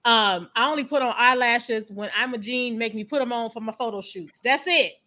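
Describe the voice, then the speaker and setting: A woman guest, a company founder and coach, chatting casually and telling animated personal stories. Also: on the high side, moderate pace. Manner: animated, emphatic storyteller.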